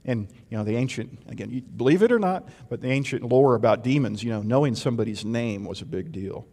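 A man delivers a sermon at a medium pitch, rising to loud emphasis and dropping to hushed intensity. He leans on rhetorical questions. His voice rings with a long reverb, as in a large church hall. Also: fast. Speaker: preacher.

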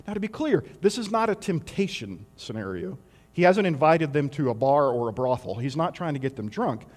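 A man's voice: fairly high pitch, sing-song, fairly quick, long reverb tail. A man preaching a sermon in a conversational way, asking rhetorical questions and adding wry asides.

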